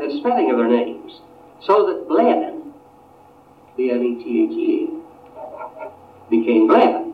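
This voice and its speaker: A man giving a history lecture, unhurried and often restarting his phrases. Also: on the high side. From Appalachia. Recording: tinny, distant, roomy lecture recording.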